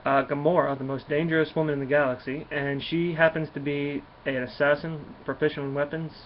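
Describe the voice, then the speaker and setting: A man's voice: a little high, little pitch movement, fairly quick. A man giving a casual comic book review, rambling as he retells the plot and reads out the dialogue. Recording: dull lo-fi sound with faint hiss.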